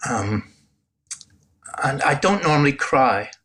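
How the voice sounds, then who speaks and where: A man, a podcast guest candidly telling his personal testimony with halting restarts and self-deprecating asides. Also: mid-range voice, lively intonation, a bit bright, slightly rough. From Northern Ireland.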